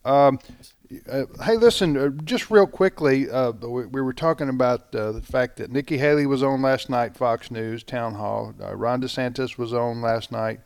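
A male radio host talking loosely on air, wandering through his sentences with plenty of "uh"s and restarts. His voice sits at an ordinary middle pitch, and the studio sound is dry and close with no room echo. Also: normal speed, smooth. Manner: rambling, many fillers and restarts. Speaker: radio talk show host. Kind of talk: casual live studio chat.

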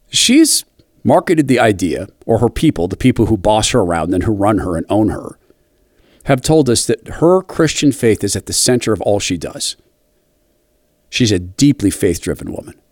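A man talks straight into a dry, close microphone, at a mid-range pitch that sits neither high nor low. His pace is measured, and he slows right down to land his points in an opinionated commentary monologue. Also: darkish tone, no echo. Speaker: political commentator.

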